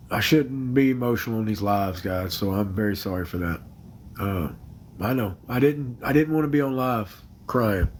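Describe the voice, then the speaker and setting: A man crying while he talks on a phone livestream from his bedroom, halting, emotional and apologetic. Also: on the low side, slight background noise. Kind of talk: casual livestream chat. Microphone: phone camera.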